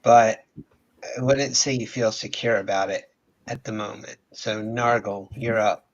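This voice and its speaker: A man acting as game master, narrating a tabletop game with measured, descriptive talk. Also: on the low side, fairly even intonation. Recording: dull lo-fi audio.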